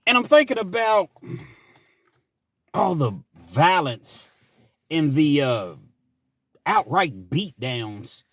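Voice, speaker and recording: A channel host tells a personal story in a chatty, rambling way, sprinkling in asides during his casual monologue. His voice sits high, and the recording has no room sound.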